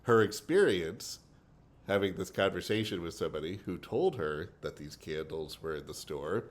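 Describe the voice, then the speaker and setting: A man's voice: sits low, expressive, moderate pace. A man commenting on a clip, explaining his reasoning step by step to the listener. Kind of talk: analytical commentary.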